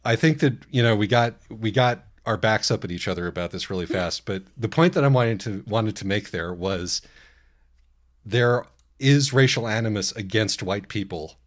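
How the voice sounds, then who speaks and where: A man co-hosting a casual book podcast, wry and hesitant, with many pauses and restarts. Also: on the low side. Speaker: podcast co-host. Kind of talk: casual book-discussion chat.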